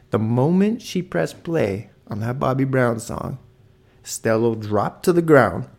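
A man in his thirties hosting a solo podcast, telling a rambling story with excitement and swearing freely. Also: mid-range voice, gravelly. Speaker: podcast host.

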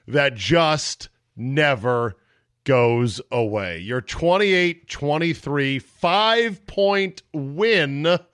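A man's voice: on the high side, fairly bright tone, clear, resonant tone, no room sound. A man talks sports on his own podcast, close to the mic in a dead, dry room. He rants with wry exasperation and puts on mocking voices to quote other people. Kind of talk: solo sports talk monologue.

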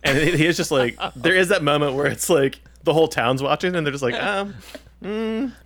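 A man's voice: on the high side, lively intonation, fairly quick, a bit bright, no echo. A man co-hosting a comedy podcast, jumping in with enthusiastic improvised lines. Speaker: podcast co-host.

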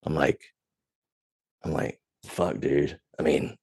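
A man's voice: a bass voice, slow, husky, no room sound, studio quality. A man telling a profane story in casual podcast chat, his voice climbing when he gets angry. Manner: profane, animated retelling, voice rising when angry. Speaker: podcast guest.

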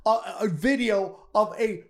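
A man in his forties, a comedian hosting a podcast, arguing loudly in casual debate and swearing often. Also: high voice, unhurried. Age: 40s. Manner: loud, argumentative, profane, interrupting.

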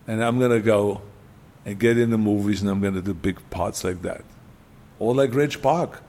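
A man's voice: mid-range voice, a little mellow. An older man with an Austrian accent, a guest telling his story in casual talk, emphatic and repeating key phrases for punch.

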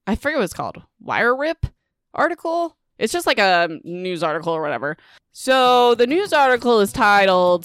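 A woman's voice: medium pitch, very animated, moderate pace, fairly bright tone, soft background music. Chatty young woman recapping a book. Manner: chatty, heavy use of "like" and "whatever", sarcastic asides. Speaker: podcast host recapping a novel.

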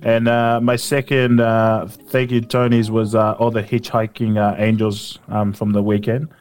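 A man's voice: lowish voice, level tone, unhurried, darkish tone. A young Australian man co-hosting a podcast, telling a rambling, laughing anecdote in casual chat. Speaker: podcast co-host.

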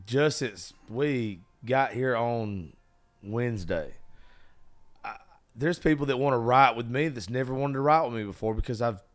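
A man's voice: mid-range voice, a little slow. Blunt, swearing man losing his voice. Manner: blunt, swears freely, emphatic. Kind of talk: casual chat.

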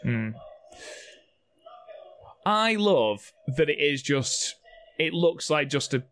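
A man's voice: fairly high pitch, big pitch swings, slow pace, a bit bright, a little hiss or hum. Joking, swearing male podcast co-host. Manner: joking, swears freely, laughs often. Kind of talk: casual watchalong chat.

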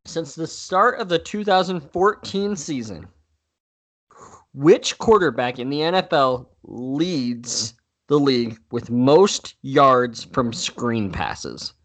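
A young man co-hosting a casual sports podcast, relaxed and teasing. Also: medium pitch, takes it slowly. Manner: relaxed, teasing, laid-back. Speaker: podcast co-host.

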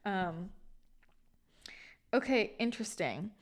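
A woman's voice: medium pitch, animated, takes it slowly. Female host, casual rambling spiritual talk, emotional edge. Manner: chatty, rambling, with frequent restarts. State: emotional, near tears. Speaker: spiritual channel and podcast host.

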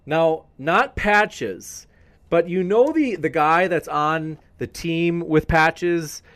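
A man's voice: on the high side, slow pace, fairly bright tone. A man hosting a live-streamed debate podcast, chatting in a rambling, enthusiastic way and talking straight to his viewers. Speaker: debate show host.

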